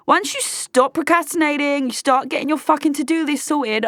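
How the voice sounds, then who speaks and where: A woman's voice: sits high, very animated, normal speed, fairly bright tone, dry recording, studio quality. A woman hosting a casual monologue podcast, blunt and sweary, talking straight to her listeners. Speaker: podcast host.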